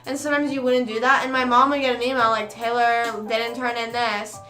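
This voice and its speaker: Young woman, casual storytelling chat, bright voice, echoey room with faint music. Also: fairly high pitch, little pitch movement. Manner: rambling storytelling with quick asides. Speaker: streamer.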